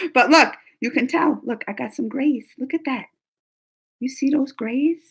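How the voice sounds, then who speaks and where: A woman in her forties hosting a casual livestream, chatting with viewers in a rambling, animated way and laughing often. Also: sits high, slow. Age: 40s. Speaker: livestream host reading chat. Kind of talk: casual live chat.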